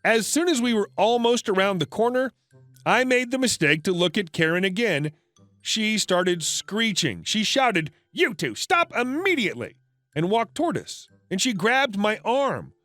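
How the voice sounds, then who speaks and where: A man narrates an online story in a high voice that moves a lot. He reads the quoted dialogue in much the same even voice as the rest. The sound is dry and close, with soft music underneath. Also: a little slow, dry recording.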